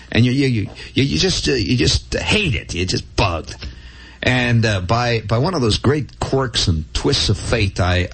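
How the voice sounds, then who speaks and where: A man spins a meandering story, talking wryly and casually with plenty of asides and restarts. His voice sits low and carries a husky grain. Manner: wry, conversational, full of restarts and asides. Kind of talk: rambling first-person storytelling.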